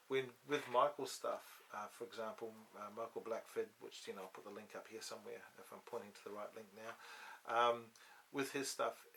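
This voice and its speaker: Bright-voiced man rambling. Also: lowish voice, creaky, slight background noise. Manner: rambling, many restarts and ums. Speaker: host. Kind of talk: casual studio chat. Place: podcast studio. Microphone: studio microphone.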